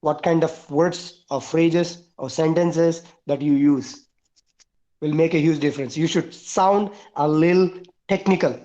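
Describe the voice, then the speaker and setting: Over a dull, lo-fi video call, a male English teacher gives online class instruction in a high, mellow voice. His tone stays steady and his pace is a little slow. He counts off his points one at a time and repeats key words for emphasis.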